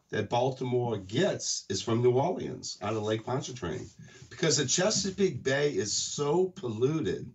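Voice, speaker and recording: A man from Louisiana with a Cajun accent, chatting loudly and jokingly over an internet call on a radio show. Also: medium pitch, distant mic, highs cut off. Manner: loud, joking, rambling storyteller. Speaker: guest co-host on a call. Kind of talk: casual radio chat.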